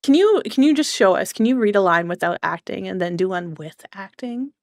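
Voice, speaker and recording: A young woman hosts a casual chat, asking questions with lots of "like". Her mid-pitched voice sounds dry and close, with no room around it. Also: lively intonation, a little fast, darkish tone, dry recording. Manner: casual, heavy use of "like", curious. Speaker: VTuber host.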